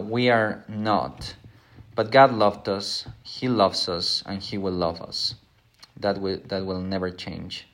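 A middle-aged man teaches a Bible lesson conversationally, in an earnest, self-deprecating manner, acting out the voices he quotes. His voice is fairly low in pitch with a fairly bright tone.

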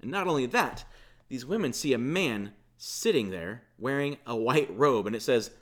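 A male pastor delivering a sermon in an easygoing, conversational style. He retells a scripture story with informal asides, and his voice rises and falls in a lively, expressive way while staying at a middle pitch. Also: normal speed.

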